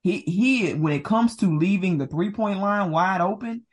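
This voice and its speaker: A woman's voice: medium pitch, normal speed. A woman co-hosting a sports podcast in casual chat, talkative and laughing often. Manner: chatty, laughs often, hedging with "like". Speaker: podcast co-host.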